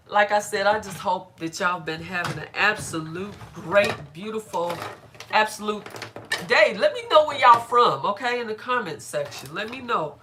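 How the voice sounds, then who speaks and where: Middle-aged lady chatting on her hair livestream, bright voice, laughs a lot, faint room hum behind. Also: medium pitch. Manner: chatty, greets viewers by name; laughs often, playful. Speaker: live-stream hair vlogger. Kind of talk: casual live-stream chat.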